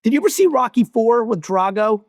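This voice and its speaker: A man in his forties, born in Russia, talking as a guest entrepreneur in a blunt, profane, animated way. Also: very high-pitched, fairly quick, no room sound, studio quality. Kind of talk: casual interview talk.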